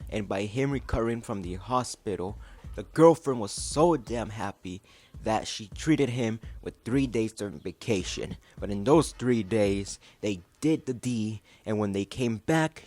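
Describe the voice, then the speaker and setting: A man hosting a reaction video, making mocking, exasperated comments in a casual way. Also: fairly low pitch.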